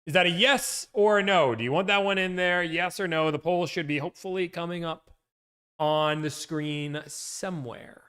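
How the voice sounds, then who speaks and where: A man's voice: a little high, moderate pace, clean tone. A man hosting a livestream, reading through a list and playfully tossing in movie-quote impressions. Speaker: livestream host. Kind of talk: casual livestream chat. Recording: loud, peaking mic.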